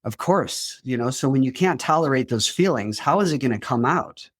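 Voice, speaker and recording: A man speaks in a middle-pitched voice, earnest and explanatory, sometimes restarting a phrase. He sounds like a therapist guest on a podcast. The recording is close and dry, with no room sound. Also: expressive, moderate pace, no echo. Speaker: therapist and grief coach.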